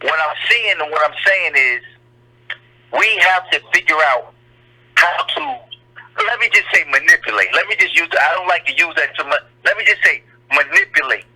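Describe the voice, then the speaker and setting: A man's voice: on the high side, lively intonation, normal speed, sharp tone, slightly rough. A man calling in to a talk show who stumbles and restarts as he presses his point. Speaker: caller. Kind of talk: call-in phone conversation. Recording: tinny phone line.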